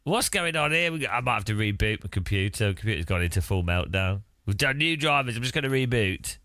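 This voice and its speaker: Laughing streamer, gravelly voice. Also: male voice, lowish voice, expressive, fast talker, pushed and bright, no room sound. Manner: laughs a lot, playful. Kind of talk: casual live-stream chat.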